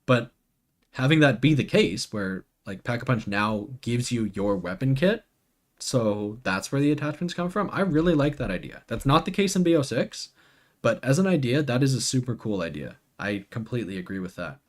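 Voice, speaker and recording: A man's voice: mid-range voice, expressive, normal speed. A man streaming live and chatting casually, full of fillers and self-corrections, answering viewers by name as he goes. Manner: rambling, full of "like" and restarts. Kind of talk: casual livestream commentary.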